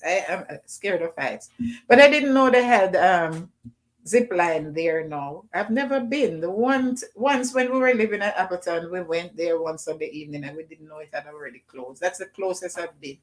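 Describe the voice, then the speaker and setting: A middle-aged woman with a Jamaican accent, hosting a casual livestream and shouting out names from the chat. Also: fairly low pitch, expressive, normal speed. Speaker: livestream host. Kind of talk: casual live chat with viewers.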